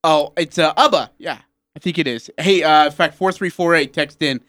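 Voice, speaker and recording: A man's voice: on the high side, normal speed, fairly bright tone. A man co-hosting a radio sports talk show, telling a rambling story and laughing at his own jokes. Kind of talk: casual sports talk banter. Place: radio studio.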